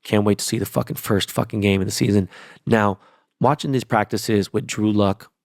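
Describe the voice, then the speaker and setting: A man's voice: lowish voice, fairly even intonation, a little fast, gravelly, dry recording, clean studio sound. A man hosting his own podcast, talking alone in a rambling, profane and emphatic way about movies, shows and football. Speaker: podcast host. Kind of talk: casual solo podcast monologue.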